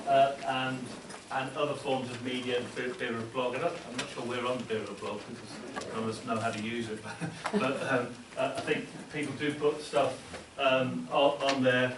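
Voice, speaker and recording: Man, seminar presenter, halting speech, mid-pitched, roomy echo, faint hiss. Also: fairly even intonation. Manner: halting, many repeated words mid-sentence. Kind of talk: informal talk to an academic audience. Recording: echoey room, distant mic, faint hiss.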